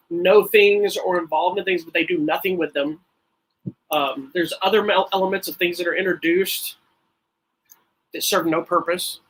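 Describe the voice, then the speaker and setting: A man's voice: sits high, fairly bright tone, husky, low-quality recording. A man co-hosting a podcast, rambling through a casual movie review and laughing often. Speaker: podcast co-host.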